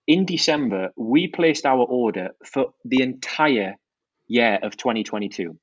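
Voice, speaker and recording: A man's voice: mid-range voice, expressive, unhurried, no echo, dull audio. A man, a brand founder, talking enthusiastically about his business in a podcast interview. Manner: enthusiastic, fluent product talk with restarts. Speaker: watch brand founder, guest.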